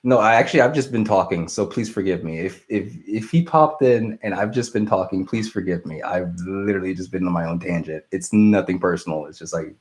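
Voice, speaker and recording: On a relaxed live stream, a young host answers questions from viewers in a voice that sits low, moving fairly quickly with few pauses. He meanders, interrupts himself, and sounds apologetic.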